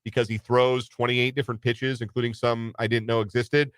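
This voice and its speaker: A man's voice: mid-range voice, level tone, fairly quick, clean tone, no echo. A man hosting a casual sports talk radio show, making dry wisecracks between game notes.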